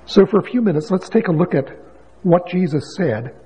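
A man's voice: sits high, expressive, moderate pace, mellow, slightly rough. A man preaching a sermon as a pastor, telling a story in a conversational way and building to emphatic questions. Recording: dull lo-fi sound with long hall reverb.

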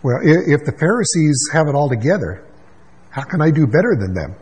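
Male pastor, husky voice, emphatic sermon delivery with quick asides. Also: fairly high pitch, sing-song, a little mellow, rough recording.

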